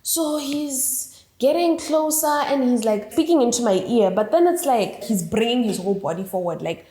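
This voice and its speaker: A woman's voice: fairly high pitch, normal speed, mellow. A young woman vlogger telling a story in a chatty, light-hearted way, peppered with "like.". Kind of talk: casual storytime monologue. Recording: echoey room.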